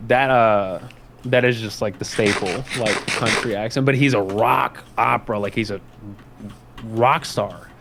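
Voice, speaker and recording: A man's voice: on the low side, a little slow, creaky, background noise. Rambling young man, Southern accent. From Nashville, Tennessee. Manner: rambling, swears, laughs at his own stories. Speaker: co-host guest. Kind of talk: casual chat.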